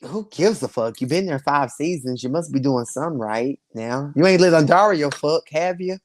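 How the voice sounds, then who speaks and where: A man's voice: normal speed, heavy background noise. A man hosting a live stream, reviewing a reality show in sassy slang. He talks casually to his viewers and laughs often. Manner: sassy, slangy and animated, swinging between loud bursts and low asides; laughs often while talking.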